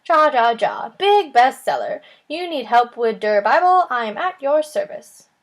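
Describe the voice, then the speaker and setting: A woman's voice: fairly high pitch, sing-song, unhurried. A woman voicing a jolly old male German printer, a holographic figure, with a put-on thick German accent, read aloud from a chapter book. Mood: hearty.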